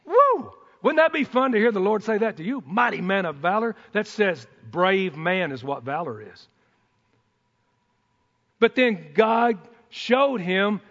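A man preaching a sermon in a folksy, excitable way, breaking into whoops and joking asides. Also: sits high. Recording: dull sound in a reverberant hall.

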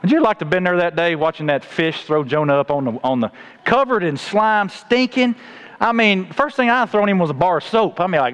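A man preaching a sermon, telling the story with animated acted-out voices. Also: high voice, moderate pace. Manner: animated storytelling, acts out voices of God and Jonah.

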